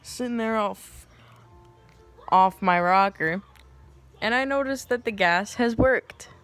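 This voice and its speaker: A woman's voice: mid-range voice, takes it slowly, soft background music. A young woman telling a personal story to camera in a casual vlog, acting out what people said in shifting voices, with crude jokes and laughter. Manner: animated, acts out quotes in shifting voices; crude, joking asides and laughter. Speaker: vlogger.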